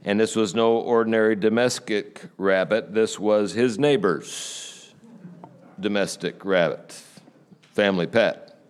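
A male pastor giving a conversational sermon, telling a story with frequent filler pauses. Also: lowish voice.

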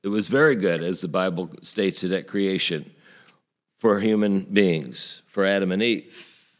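Male pastor with a low voice, earnest sermon delivery, poses rhetorical questions to the congregation. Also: unhurried.

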